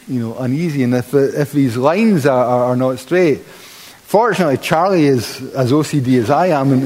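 A man's voice: medium pitch, big-room sound, poor audio. A man preaching a sermon, acting out the quotes he reads with sudden exclamations. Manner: animated, dramatizes quotes with exclamation. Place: church.

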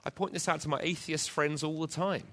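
A man's voice: on the high side, fairly even intonation, brisk, a bit bright. A man preaching an emphatic sermon to a church congregation, driving points home with rhetorical repetition. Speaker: pastor. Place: church, also live-streamed.

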